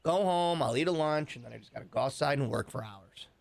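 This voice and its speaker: Gravelly-voiced man trash-talking a golf game. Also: mid-range voice, lively intonation, fast talker. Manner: wry, teasing, trash-talking. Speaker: radio show co-host. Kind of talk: casual chat over a video game.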